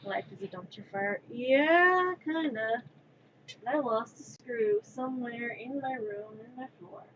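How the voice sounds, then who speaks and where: A woman's voice: a little high, takes it slowly, a bit bright, highs cut off, slight background noise. A woman streaming live from her room as she works on a craft, talking to herself and half-whispering pleas at her work. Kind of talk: live-stream self-talk while crafting.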